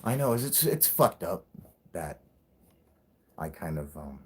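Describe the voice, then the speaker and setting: A man's voice: sits low, big pitch swings, slow, a little mellow, husky. Rambling, profane man. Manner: rambling, profane, laughing often. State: high. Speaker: livestream host. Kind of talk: casual livestream chat.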